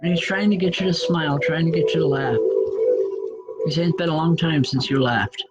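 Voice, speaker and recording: A woman hosting a call-in show, giving spiritual readings in a halting way, often restarting her sentences. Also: deep voice, over loud music, rough recording. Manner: halting, frequent restarts and self-corrections. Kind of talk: live psychic reading.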